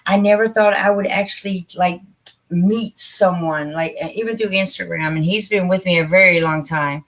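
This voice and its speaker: A woman's voice: on the low side, normal speed, fairly bright tone. A middle-aged woman hosting a casual live stream, talking in a heartfelt, rambling and emphatic way. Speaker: channel host.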